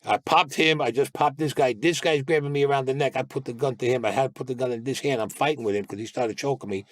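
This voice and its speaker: A man's voice: medium pitch, fast, no room sound, clean studio sound. A man being interviewed who tells stories in a blunt, profane way and acts out the lines of the people in them. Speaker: guest recounting past crimes. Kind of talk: storytelling interview.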